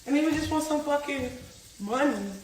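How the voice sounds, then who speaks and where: High-voiced young woman ranting profanely. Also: a little hiss or hum. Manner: profane, rapid, animated, acts out quotes. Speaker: reality star telling her side. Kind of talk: heated storytelling rant. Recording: echoey room.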